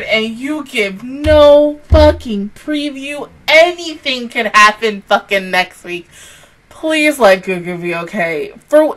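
A young woman hosting an anime reaction video, speaking, excitable and swearing freely, swinging between loud outbursts and hushed whispers. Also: sits high, poor audio. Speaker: anime reaction channel host.

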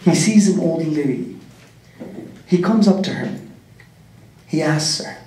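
A man's voice: on the high side, lively intonation, slow pace, darkish tone, far from the mic. A man tells a religious story to a community, earnestly asking his listeners rhetorical questions. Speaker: community speaker. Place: large prayer hall. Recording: echoey hall, mic set back.

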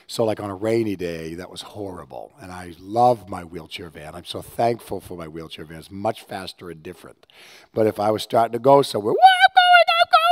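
A male pastor preaching a conversational sermon with personal stories, swinging from hushed, low passages to loud, animated ones. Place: church service.

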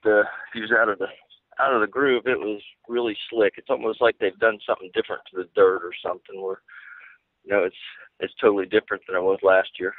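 A male race driver answers questions in a lowish, plain-spoken voice, halting and restarting as he goes. The audio is thin, dry and phone-like. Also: dry recording. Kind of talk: casual interview answers. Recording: tinny phone-like line.

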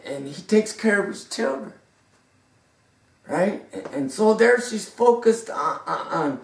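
A woman's voice: medium pitch, lively intonation, slow pace. A woman preaching a fervent sermon, repeating and stumbling over words, in an echoey room with the mic far off. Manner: fervent, stammering repetitions.

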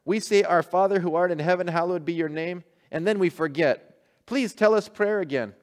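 A man doing earnest island fishermen, high-pitched. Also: normal speed, natural voice. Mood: pleading. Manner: broken English, pleading. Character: three simple island fishermen, earnest and apologetic. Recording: long hall reverb.

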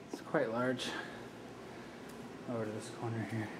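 A man's voice: mid-range voice, a little slow, long pauses. A young man, out of breath from hauling boxes, giving a casual tour of a new apartment. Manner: relaxed, offhand touring commentary. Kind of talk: casual walkthrough narration. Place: new apartment, indoors and outside on stairs. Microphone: handheld camera mic. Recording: noisy handheld camera audio.

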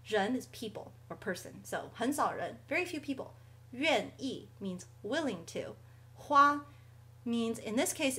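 A woman's voice: on the high side, fairly bright tone. A woman hosting a language lesson, explaining words casually with friendly asides. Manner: chatty, friendly asides, occasional light laughs. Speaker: language teacher and show host. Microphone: studio microphone.

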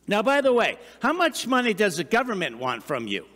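A middle-aged pastor delivers a conversational sermon, asking the congregation questions and slipping in asides. His voice sits high for a man. It rings out with the long reverb of a big church hall. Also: wildly swooping pitch, fairly quick, pushed and bright. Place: church sanctuary.

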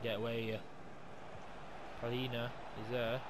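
A man commentating his own football video game run, swinging from calm talk to swearing and yelling at the screen. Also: medium pitch, unhurried, heavy background noise. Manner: excitable, sweary, yells at the game. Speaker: gaming YouTuber. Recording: music playing behind.

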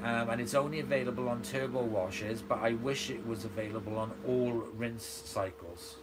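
This man hosts a live stream indoors at home, and a running washer makes noise in the background. His medium-pitched voice stays fairly even and moderately paced as he eagerly chats, reads viewer comments and uses lots of fillers.

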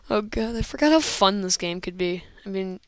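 Excitable woman gamer, slow-talking and dry. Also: mid-range voice, no echo. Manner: excitable, rambling, frequent exclamations and laughs. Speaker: gamer commentating own play. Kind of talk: casual gameplay commentary. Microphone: old computer microphone.

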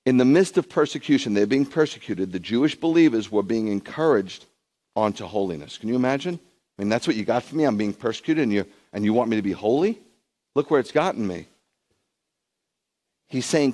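A man's voice: lively intonation, normal speed. Emphatic man preaching a sermon. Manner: emphatic preaching, surges high and loud in bursts; conversational asides to viewers at home. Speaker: rabbi preaching.

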